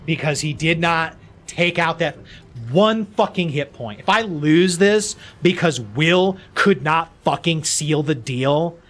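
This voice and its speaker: A man's voice: fairly high pitch, lively intonation, slow, a bit bright. A young man streaming a video game, ranting and swearing in frustration as he comments on a battle. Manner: swears a lot, exasperated ranting. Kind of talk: frustrated live gameplay commentary.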